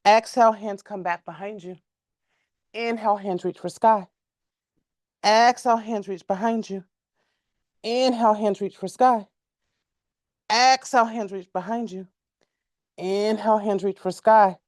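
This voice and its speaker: A woman teaching a yoga class, giving calm, measured cues timed to the breath and stretching out repeated words. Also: medium pitch, dry recording, studio quality. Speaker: yoga instructor.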